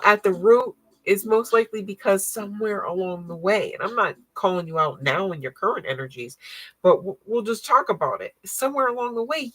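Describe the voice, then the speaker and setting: A woman's voice: medium pitch, a bit bright, poor audio. A woman giving a casual tarot reading in a blunt, profane, slangy way, often laughing. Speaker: tarot card reader.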